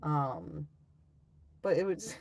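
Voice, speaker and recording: A woman's voice: sits low, sing-song, very slow, a little mellow. A young woman chatting casually on a livestream, blunt and profane as she rants and reads comments. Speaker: livestream host.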